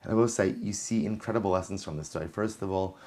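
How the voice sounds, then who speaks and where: A low-pitched man leads a Talmud class as a rabbi. He reads each passage in the original, then retells it in English with animated storytelling. He often says a line twice for emphasis. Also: quick pace. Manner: reads Aramaic text aloud, then explains it in English.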